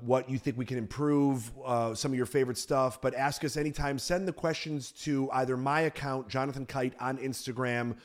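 A man hosting a comedy podcast at an ordinary middle pitch. He talks casually and jokes, dropping into quick impressions of cartoon characters as he tells stories. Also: a little mellow. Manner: jokey, slips into quick character voices. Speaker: podcast host.

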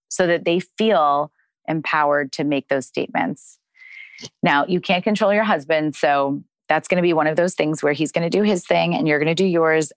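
Low-pitched woman on a podcast, calm and gentle, talking through how to handle kids saying no, very dry mic. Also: no echo. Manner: gentle, explanatory, models kind phrases for children. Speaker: parenting expert answering listener questions. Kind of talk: podcast advice Q&A.

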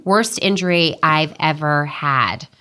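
Low-voiced chatty woman, candid interview guest. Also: takes it slowly, sharp tone. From Westchester, New York. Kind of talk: casual interview chat.

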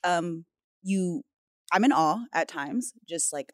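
A woman on a podcast whose voice swings widely in pitch as she teases and reacts. The sound is dry and close, with a middle-range tone. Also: animated, takes it slowly, no echo. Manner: playful, teasing interjections. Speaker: podcast co-host. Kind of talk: casual chat.

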